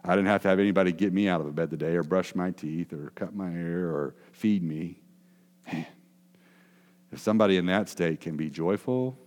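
A man with a low, darkish voice preaches a conversational sermon, chatty and quizzing his congregation with self-deprecating asides. The recording carries long hall reverb.

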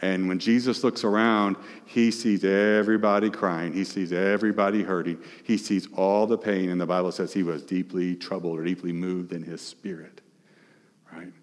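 A male pastor preaching a sermon, asking the congregation questions, emphatic and shifting between loud and hushed. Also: low-pitched, little pitch movement, normal speed, long reverb tail.

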